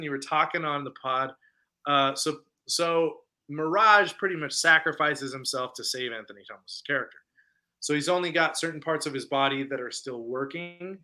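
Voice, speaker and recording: Male podcast co-host, sharp bright tone, slightly high-pitched, animated storyteller. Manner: animated retelling, acts out lines from scenes; conversational with many fillers. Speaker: podcast co-host reviewing films. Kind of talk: casual chat.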